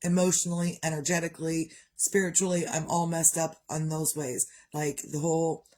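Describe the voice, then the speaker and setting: A woman's voice: low voice, level tone, moderate pace, darkish tone. A woman talking frankly to camera in a rambling personal monologue, swearing freely and coughing now and then. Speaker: vlogger.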